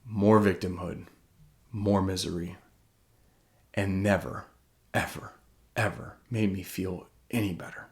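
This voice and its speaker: A man giving a heartfelt motivational talk as an author, earnest and self-questioning, his voice swinging from loud and pressing to hushed and slow. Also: low-pitched, fairly even intonation.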